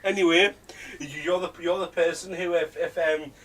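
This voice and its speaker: A man hosting a casual podcast, giggling and tripping over his own restarts. His voice sits unusually high. The mic is set back a little from him. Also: fairly even intonation, moderate pace, a bit bright. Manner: restless, stumbling restarts, giggly. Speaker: podcast host. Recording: distant mic.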